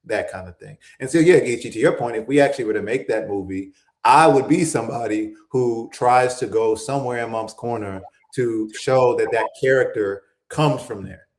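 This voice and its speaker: A man's voice: mid-range voice, moderate pace, hardly any pauses. A man hosting a morning talk show, explaining his points thoughtfully in casual chat. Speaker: host. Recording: roomy echo.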